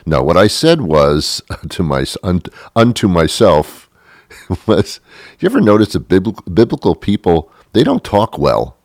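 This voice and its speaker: A man's voice: sits low, dry recording, clean studio sound. A middle-aged man hosting a show, delivering a wry, rambling comic monologue with mock-biblical asides. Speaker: show host.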